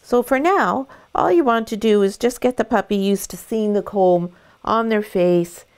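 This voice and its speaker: A middle-aged woman, a dog breeder, giving a gentle, calm demonstration of how to groom a puppy. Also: medium pitch, moderate pace, clean tone. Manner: sing-song baby talk to the puppy.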